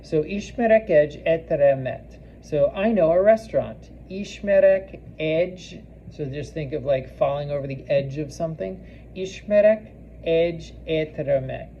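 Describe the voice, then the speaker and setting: A man teaching a recorded class lesson, halting with many ums and restarts and repeating foreign phrases slowly for practice. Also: fairly high pitch, warm tone, lo-fi sound, slight background noise. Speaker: language teacher.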